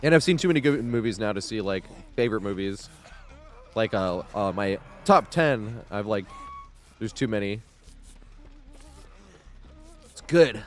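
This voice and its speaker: A man's voice: on the low side, animated, measured pace, pauses often. Laid-back rambling male game streamer. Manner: rambling, laughs often, swears casually. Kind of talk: casual live-stream chat. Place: home streaming setup.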